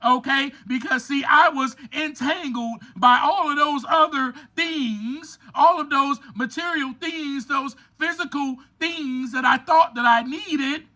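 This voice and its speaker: A man hosting a podcast, giving a motivational monologue in an emphatic, preacher-like way, often pushing toward a shout and speaking straight to his listeners. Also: very high voice, unhurried, hardly any pauses. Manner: addresses listeners directly, repeating phrases. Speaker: podcast host.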